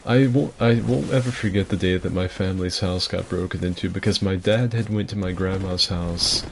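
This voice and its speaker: At a moderate pace, a twenty-something man keeps his game-stream chatter hushed at home to avoid waking anyone, rambling through stories and swearing freely. His very low voice has a gravelly fry, with constant noise hissing in the background.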